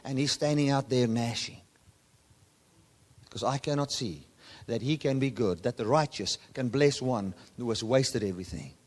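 A man preaching a sermon, often swinging his voice from loud, high emphasis to low, quiet asides. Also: normal speed. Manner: animated preaching, voice rising and dropping sharply for emphasis. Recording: long hall reverb.

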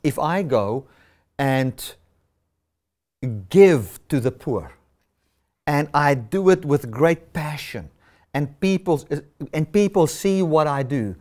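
A man's voice: fairly high pitch, expressive, takes it slowly, long pauses, a little mellow. A man preaching a sermon, stressing and repeating key words.

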